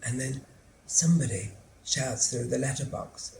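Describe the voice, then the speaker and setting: An actor playing a lonely, anxious middle-aged son who lives with his mother, telling his story slowly and drily in a theatre monologue. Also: mid-range voice, creaky, darkish tone. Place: theatre stage. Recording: roomy theatre sound, faint hum.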